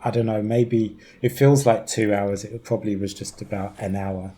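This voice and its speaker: London guy on a podcast, low mellow voice, telling a story, laughs a lot and does little voices for people. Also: moderate pace. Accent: London English. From East London, England. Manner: animated storyteller, mimics voices, laughs often. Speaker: podcast guest. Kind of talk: conversational storytelling.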